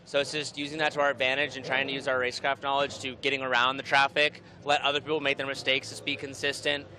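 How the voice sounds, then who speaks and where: A man's voice: mid-range voice, level tone, fast talker, pushed and bright. A male racing driver answering trackside interview questions in a focused, earnest way. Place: outdoors at a racetrack.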